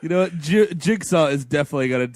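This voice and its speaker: A man's voice: a little high, lively intonation, quick pace, background noise. A man co-hosting a comedy movie podcast, rambling through the plot and dropping into playful character voices. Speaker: podcast co-host. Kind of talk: casual comedic movie recap.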